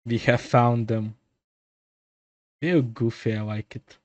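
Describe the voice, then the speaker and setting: A man's voice: medium pitch, steady tone, dry recording, lo-fi sound. Enthusiastic man reacting in a dry room. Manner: enthusiastic, amused, asks quick questions. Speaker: reaction host. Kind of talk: casual reaction chat.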